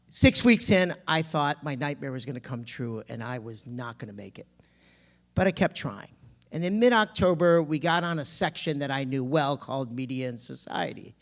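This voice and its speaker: Guy telling a story live, kinda high voice, gets really dramatic with the voices. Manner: dramatic, acts out dialogue with big pitch swings. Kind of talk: personal story told live to an audience.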